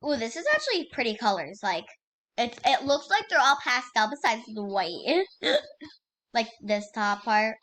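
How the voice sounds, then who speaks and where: A young woman with a high, bright voice chats through her gameplay on her channel. She talks casually and excitably, piles on fillers and repeats the same exclamations again and again. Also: moderate pace. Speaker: gaming YouTuber.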